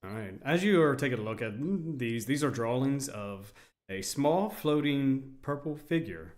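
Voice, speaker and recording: A man narrating as game master for a tabletop game, easygoing and quick to laugh. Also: mid-range voice, animated, a little mellow.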